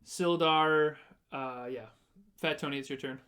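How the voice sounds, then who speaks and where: A male game master narrates a tabletop fight at an unhurried pace. His voice sits a little high, and he stops often to explain the rules. The delivery is casual and patient. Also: steady tone, fairly bright tone.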